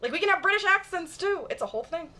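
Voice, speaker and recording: A woman's voice: very high voice, animated, fast, sharp tone. A woman from Michigan with a general Michigan accent, chatting bluntly and emphatically with her viewers and swearing freely. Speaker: streamer. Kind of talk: casual chat with viewers.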